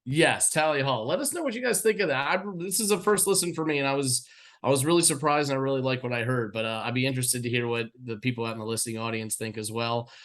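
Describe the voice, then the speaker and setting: A man's voice: medium pitch, quick pace, a bit bright. Chill guy cohosting a song reaction, agrees a lot, medium voice. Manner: easygoing, agreeable, wraps up the show. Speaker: co-host of a music reaction show. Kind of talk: casual chat.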